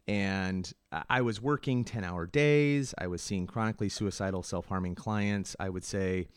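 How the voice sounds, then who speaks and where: A man's voice: deep voice, moderate pace, smooth, no echo. Dry close-miked man hosting an interview. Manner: candid, self-deprecating storyteller, frequent "mm" backchannels. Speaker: podcast host. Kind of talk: casual interview talk.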